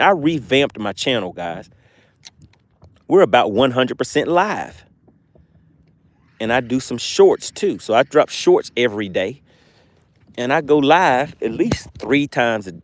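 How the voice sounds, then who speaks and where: A man with a Southern US accent, from Georgia, hosting a fishing livestream outdoors by the water and chatting casually with viewers. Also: mid-range voice. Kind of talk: casual live-stream chat, reading comments.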